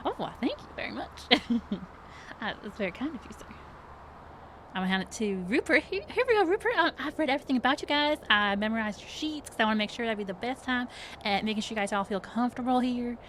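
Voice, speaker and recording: A woman voicing a bubbly, overly cheerful young woman from HR, with a high, sing-song, gushing voice and faint background noise. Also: animated, quick pace, a bit bright.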